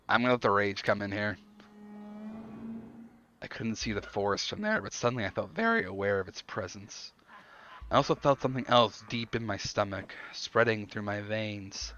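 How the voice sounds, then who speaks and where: A man reads an interactive story game aloud on stream, narrating and commenting in between. His voice is bright and very lively in pitch. The recording has a muffled, lo-fi quality. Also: normal speed, slight background noise.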